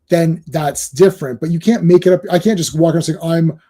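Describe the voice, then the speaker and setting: A man's voice: on the high side, normal speed, warm tone. A man co-hosting a casual talk show, speaking emphatically and acting out quotes as he retells things. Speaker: podcast co-host. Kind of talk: casual chat.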